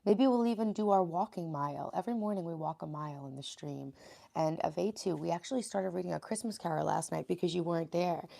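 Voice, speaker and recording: A New York woman in her thirties, freshly awake and sleepy, chats casually with live-stream viewers from her bedroom, reading the chat aloud and greeting people by name. Her voice is raspy, on the low side, and dark in tone, and she speaks briskly.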